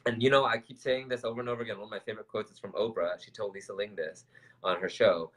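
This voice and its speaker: Low-voiced man telling a rambling story. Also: quick pace, rough recording. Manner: animated storyteller, rambling with fillers and laughs. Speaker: co-host. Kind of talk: casual chat.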